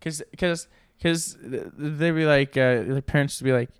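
A man in his twenties co-hosting a podcast, telling profane, joking anecdotes and mimicking people in quick asides. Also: on the high side, clear, resonant tone, no room sound, clean studio sound. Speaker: podcast co-host. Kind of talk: casual podcast banter.

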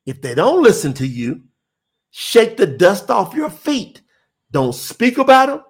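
A man's voice: high-pitched, huge pitch swings, a little slow. A middle-aged man, preaching in an emphatic, repetitive, folksy way during a livestream sermon to online viewers.

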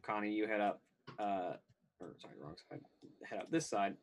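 A man running a tabletop game as game master, reading scene descriptions in a halting way with frequent ums and uhs. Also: on the low side, slight background noise.

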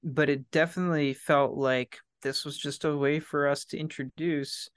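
A man's voice: a little high, steady tone, moderate pace, smooth, no echo, clean studio sound. A man chatting casually as a podcast guest, rambling and laughing often. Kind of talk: casual chat.

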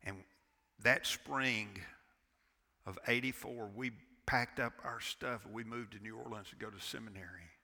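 A man's voice: fairly low pitch, fairly even intonation, a little slow, creaky. A man preaching a fervent sermon in a reverberant church. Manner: impassioned preaching, swinging from loud to hushed. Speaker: pastor. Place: church sanctuary.

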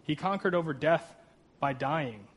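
An earnest man preaching a sermon in a fairly high-pitched voice. He reads scripture with rising emphasis and breaks it up with casual asides and jokes at his own expense. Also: lively intonation, unhurried. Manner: earnest, with frequent "right?" asides and self-deprecating humor. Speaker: pastor.

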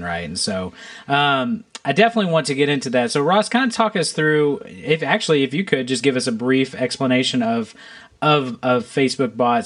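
A man hosting an interview, relaxed and steering the talk with questions. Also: mid-range voice. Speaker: host. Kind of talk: podcast interview.

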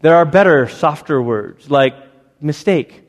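A man's voice: a little high, unhurried, darkish tone. A male pastor preaching a sermon, dramatic, acting out the voices he quotes. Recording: long hall reverb.

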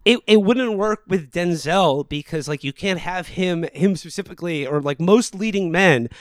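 A man's voice: high voice, moderate pace, no room sound, clean studio sound. A man hosting a podcast, talking casually about a film with many fillers and restarts. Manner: rambling, many fillers, laughs often. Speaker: podcast host.

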